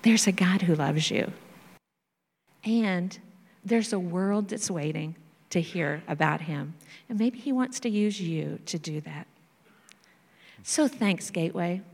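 A woman missionary sharing stories in a church talk, animated and acting out children's voices. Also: lowish voice, slow pace, long pauses. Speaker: missionary speaker. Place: church sanctuary. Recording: reverberant church hall.

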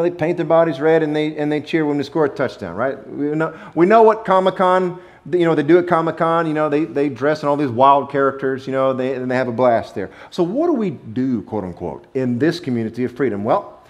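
A man preaching a sermon to a church congregation, talking in a conversational way, laughing easily and stretching out key words for emphasis. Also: fairly high pitch. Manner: conversational and animated, with playful laughs and drawn-out emphasis. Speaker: pastor. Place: church sanctuary.

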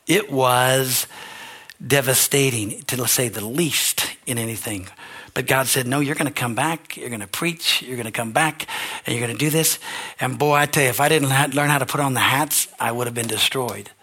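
An older man, a pastor, preaching an earnest, emotional sermon that swings from quiet to shouting. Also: medium pitch, moderate pace, breathy edge.

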